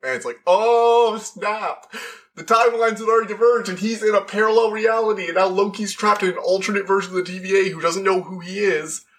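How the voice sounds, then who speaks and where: Bright-voiced man excitedly reviewing a show. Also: high voice, fairly quick. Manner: excited, rambling with fillers and restarts. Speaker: podcast reviewer. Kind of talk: casual review monologue.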